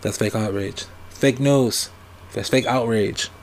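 A man's voice: fairly low pitch, takes it slowly, a little hiss or hum. A man putting on an impression of a blustering older male politician, repeating a catchphrase. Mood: mocking. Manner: repetitive catchphrase delivery.

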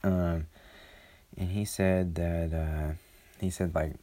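Brief: low, warm-toned male host, rambling casual commentary. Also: level tone, slow. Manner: rambling, lots of uh fillers. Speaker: podcast host.

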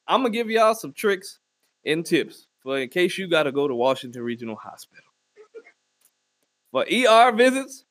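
A man's voice: high voice, a bit bright, dry recording, clean studio sound. A man on a crude comedic rant, bluntly giving mock advice to his listeners. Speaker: comedic ranter.

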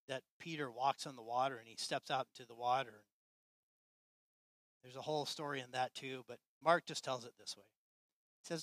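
A man preaching a sermon to his church with passion, swinging between loud, emphatic lines and quiet, hushed ones. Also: medium pitch, no room sound. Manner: impassioned, swinging from loud to soft. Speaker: pastor.

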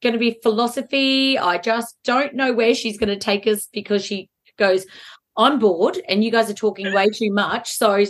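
A woman's voice: fairly high pitch, normal speed. A woman co-hosting a podcast in casual chat, telling stories animatedly and laughing often. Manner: giggly, animated storytelling with frequent laughter. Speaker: podcast co-host.

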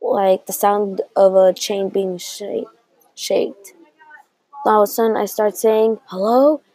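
A woman's voice: mid-range voice, flat delivery, slow pace, dark tone, poor audio. A young woman telling a made-up story aloud, rambling with restarts and acting out the dialogue.

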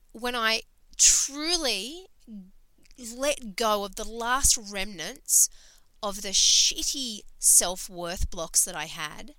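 A woman's voice: medium pitch, pushed and bright, clear, resonant tone, dry recording, rough recording. A woman hosting a podcast, talking in an emphatic, sweary, casual motivational monologue full of fillers. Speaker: podcast host and coach.

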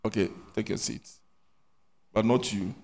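A man teaching a church class, quizzing children and scolding them in an animated, loud questioning manner. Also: on the low side, unhurried, gravelly. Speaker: Sunday school teacher.

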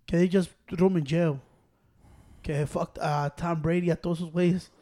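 A man's voice: fairly high pitch, fairly even intonation, normal speed, dark tone. A man in casual banter, teasing his friends, cursing and mixing Spanish with English.

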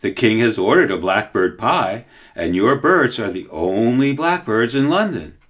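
A man's voice: on the low side, big pitch swings, unhurried, fairly bright tone. A man voicing a fat, anxious royal cook who talks eagerly and pleads in a raised voice.

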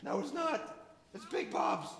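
Man doing a squeaky, gushing teen burger flipper. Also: expressive, a little slow, creaky, fairly bright tone, full character voice. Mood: excited. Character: jittery excited teen fast-food worker, male. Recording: echoey roomy recording.

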